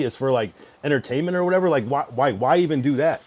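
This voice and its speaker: A man's voice: mid-range voice, animated, quick pace, a little mellow. A young man livestreaming, ranting at his chat in an irritated, swearing, casual way.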